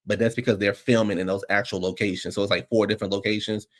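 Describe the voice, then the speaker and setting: Low-voiced man rambling on a livestream. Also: little pitch movement, fast. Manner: rambling and loose, full of "like" and restarts. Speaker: livestream host. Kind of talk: casual livestream chat. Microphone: streaming microphone.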